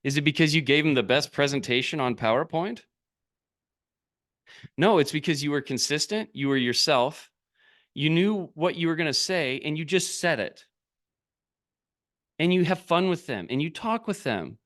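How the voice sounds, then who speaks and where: Animated man coaching straight to camera. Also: fairly high pitch, moderate pace, long pauses. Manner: animated, urging, asks many rhetorical questions. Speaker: business coach. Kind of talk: direct-to-camera coaching talk.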